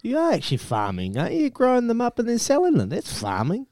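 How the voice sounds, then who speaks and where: Man, New Zealand accent, relaxed breakfast co-host, says mate a lot, dry studio mic. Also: very high-pitched, fast, dry recording. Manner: laid-back, calls everyone mate. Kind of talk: casual radio banter.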